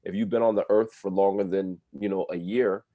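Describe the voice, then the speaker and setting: A man's voice: low voice, fairly even intonation, a little fast, no echo, phone-quality sound. A man from New Jersey, a guest on a radio show, talking earnestly in casual interview style with lots of "like" fillers. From New Jersey, USA. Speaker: guest, speaker and coach.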